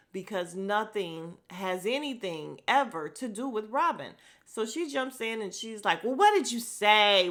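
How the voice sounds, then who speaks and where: A woman hosting a podcast, giving a sassy, blunt recap of reality show drama with mild profanity and quick mimicry of what people said. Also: lowish voice, a bit bright. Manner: acts out quoted lines in bursts of mimicry. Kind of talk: casual recap commentary.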